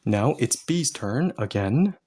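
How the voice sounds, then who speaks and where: Husky man patiently teaching grammar. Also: medium pitch, sing-song, slow, darkish tone. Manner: patient, playful, explains step by step. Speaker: Korean language teacher. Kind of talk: explaining grammar in a lesson.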